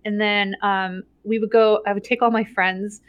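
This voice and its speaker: A middle-aged woman telling a story in casual chat, animated and laughing often, with many "like" and "right?" tags. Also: mid-range voice, normal speed, smooth, no echo, lo-fi sound.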